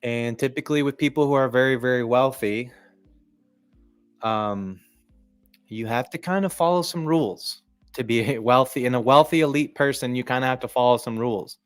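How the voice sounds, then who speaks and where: A man hosting a sports live stream, talking in a casual, rambling, profane way and often clearing his throat. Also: medium pitch, moderate pace, no room sound, faint music behind. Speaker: livestream sports commentator.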